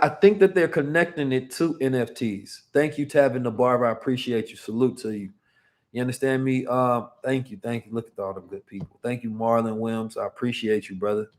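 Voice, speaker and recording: Man, livestream host, casual chat, mid-pitched voice, keeps asking "right?". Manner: talks to the chat, tags lines with "right?" and "you understand me?". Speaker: livestream host teaching finance.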